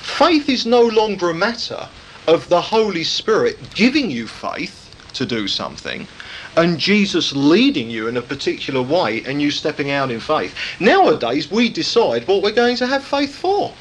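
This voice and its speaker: High, lively preacher. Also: male voice, normal speed, slight background noise, rough recording. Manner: emphatic, repeating points with rhetorical questions. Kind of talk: sermon.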